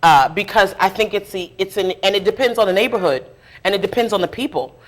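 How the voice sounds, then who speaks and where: Middle-aged woman, community organizer, mid-pitched, candid and animated, telling her story in a live interview. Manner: animated, candid, quick to laugh at herself. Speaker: food justice activist and community organizer. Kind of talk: conversational storytelling in a public interview. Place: live interview event before an audience.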